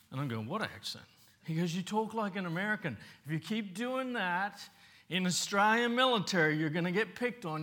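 A man's voice: fairly high pitch, pushed and bright. A middle-aged man who grew up in Papua New Guinea, preaching a storytelling sermon in a conversational way and putting questions to the congregation.

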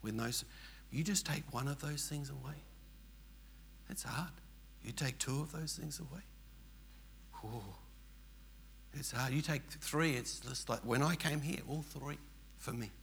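An older Australian man tells his own story with a gravelly, creaky edge to his voice. He speaks earnestly and emphatically, and his sentences ramble and circle back. A faint hiss sits under the recording. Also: mid-range voice, a little slow, long pauses, fairly bright tone. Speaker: churchgoer telling his story. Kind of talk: personal testimony storytelling.

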